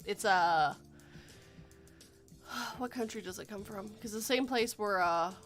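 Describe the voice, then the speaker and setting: A woman's voice: medium pitch, takes it slowly, fairly bright tone, faint music behind. Giggly woman hosting a chat. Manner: giggly, reads chat messages aloud, punny. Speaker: podcast host. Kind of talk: casual livestream chat.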